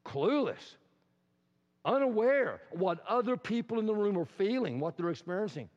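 A man with a notably high voice preaches a sermon, spinning the story out with animated asides and rhetorical questions. A long echo carries his words across the church sanctuary, and the recording sounds dull and lo-fi. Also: moderate pace. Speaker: pastor. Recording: reverberant hall, dull lo-fi sound.

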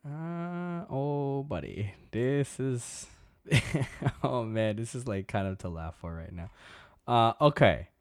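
A man's voice: mid-range voice, animated, slow, clean tone, no echo, studio quality. A man co-hosting a casual sports podcast, eager and rambling with many fillers. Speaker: podcast co-host.

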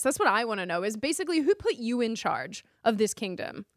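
A woman's voice: on the high side, very animated, quick pace, hardly any pauses, no room sound, studio quality. A woman co-hosting a talk podcast, incredulous and sarcastic. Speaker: podcast co-host. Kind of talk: casual studio talk show.

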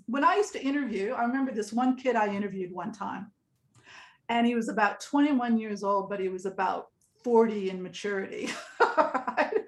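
A woman in her sixties, a guest telling stories in a chatty, rambling way and laughing often. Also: on the high side. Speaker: interview guest. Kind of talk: casual storytelling. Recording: echoey room.

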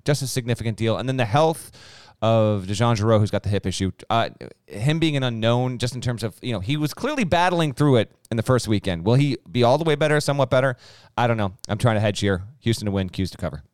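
A man's voice: mid-range voice, lively intonation, fast talker, clean tone, no echo, studio quality. A man co-hosting a sports podcast, breaking down games in a teasing, matter-of-fact way. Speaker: podcast co-host. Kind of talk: casual sports chat.

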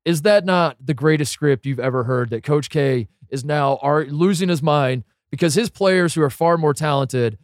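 A man's voice: fairly high pitch, normal speed, hardly any pauses, dry recording, studio quality. A man co-hosting a casual sports podcast, talking animatedly, piling up rhetorical questions with many restarts.

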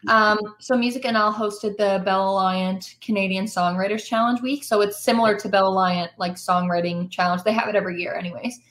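A woman's voice: medium pitch, fairly even intonation, fairly quick, few pauses, fairly bright tone. A woman, a musician talking candidly and self-deprecatingly as a podcast guest. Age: 20s. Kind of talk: casual interview chat. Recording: roomy echo.

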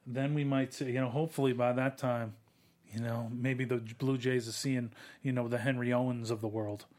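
A man in a relaxed sports chat, talking loosely with plenty of fillers. His voice sits at an ordinary middle pitch. He slips into playful, higher voices to act out what others said. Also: normal speed. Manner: animated, acts out players' quotes in higher voices. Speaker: podcast co-host.

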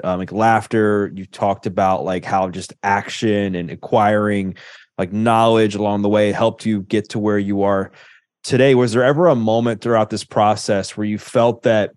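Young male podcast host, low-pitched, earnest and rambling, dry close mic. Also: a little mellow, dry recording. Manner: earnest, rambling questions full of "like". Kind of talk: interview questions.

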